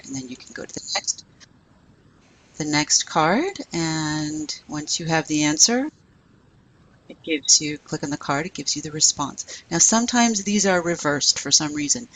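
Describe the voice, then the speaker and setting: A middle-aged woman teaching a recorded French lesson, patiently explaining step by step and saying French phrases slowly for her students. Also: sits low, a bit bright, slight background noise, rough recording.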